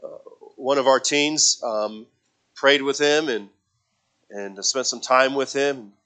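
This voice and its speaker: A male youth pastor delivering a sermon in a voice of ordinary pitch. He speaks earnestly and haltingly, restarting phrases and repeating words, then pushes into emphatic calls to speak up. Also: sharp tone.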